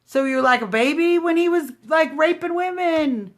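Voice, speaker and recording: Loud, combative woman ranting live. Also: high voice, normal speed. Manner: loud, confrontational, sarcastic. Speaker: livestream host. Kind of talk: combative political livestream rant. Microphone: phone livestream.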